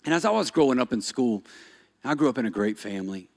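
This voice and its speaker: A man preaching a sermon as pastor, shifting from animated emphasis to soft-spoken storytelling. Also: medium pitch, quick pace, creaky. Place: church stage.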